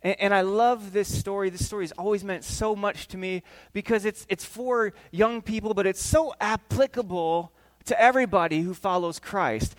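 A man's voice: sits high, moderate pace. A man preaching a sermon, telling a family story with acted-out voices and questions to the congregation. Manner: animated, acts out voices, asks the room questions. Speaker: pastor.

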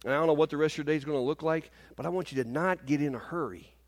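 A man in his fifties preaching a sermon in a church service, animated and often asking the congregation "Amen?". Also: a little high, racing, long reverb tail. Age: 50s.

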